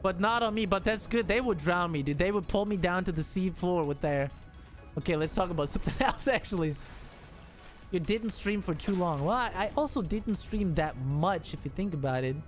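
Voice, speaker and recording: Male streamer, high voice, loose casual commentary with bursts of excitement and cursing. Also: normal speed, soft background music. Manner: excitable, swearing, laughing chatter.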